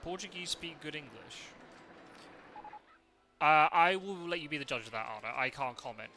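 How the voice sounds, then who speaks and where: Guy streaming a game, super bright slightly high voice, rambles and laughs a lot, swears here and there. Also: expressive, moderate pace. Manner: rambling anecdotes, laughs often, swears casually. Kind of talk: casual chat while playing live.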